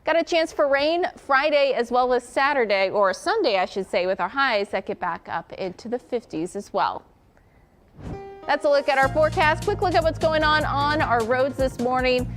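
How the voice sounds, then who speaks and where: A woman's voice: high voice, lively intonation, moderate pace, a bit bright, faint music behind. A woman meteorologist delivering a morning weather and traffic forecast in an upbeat, conversational way.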